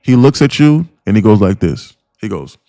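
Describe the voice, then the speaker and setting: A man's voice: fairly low pitch, big pitch swings, normal speed, dark tone, no room sound, faint music behind. A man streaming live as a day trading mentor, talking in a rambling, profane, casual way with lots of fillers. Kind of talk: casual livestream chat.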